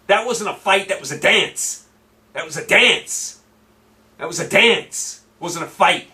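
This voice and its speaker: Loud sports guy ranting on his own show, high sharp voice, kinda far from the mic, keeps repeating himself. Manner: brash, combative, repeats lines for emphasis. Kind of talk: ranting sports talk monologue.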